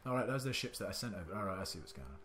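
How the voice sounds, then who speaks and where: A man's voice: low-pitched, animated, rapid-fire, a bit bright, slight background noise. A man giving indecisive let's-play commentary, muttering to himself and swearing now and then. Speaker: gaming channel host.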